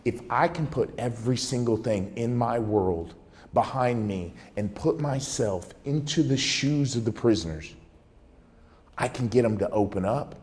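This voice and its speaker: A man's voice: mid-range voice, unhurried, darkish tone. A man giving a dramatic storytelling talk as a keynote speaker, acting out the dialogue he recounts. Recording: echoey hall reverb.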